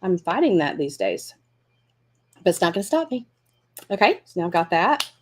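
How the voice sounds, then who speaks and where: A woman's voice: fairly low pitch, sing-song, normal speed. Chatty woman hosting a crafting class. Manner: chatty, encouraging, thinks aloud while working. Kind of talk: live crafting tutorial.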